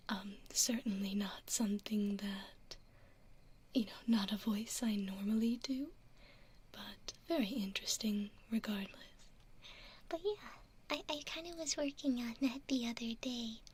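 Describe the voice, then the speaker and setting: Woman ASMR streamer, hushed whisper throughout, slow easy delivery. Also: on the high side, slight background noise. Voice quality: soft whispering. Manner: gentle, giggly, thanks viewers by name. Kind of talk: whispered chat with stream viewers.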